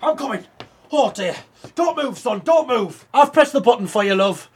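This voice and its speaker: A man's voice: very high-pitched, expressive, normal speed, breathy edge, voice pushed up, exaggerated voice. Man playing a fussing busybody lady, bossy and patronising, swooping sing-song voice, overbearing. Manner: fussy, overbearing, calls people love and son. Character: bossy, patronising, chatty middle-aged woman.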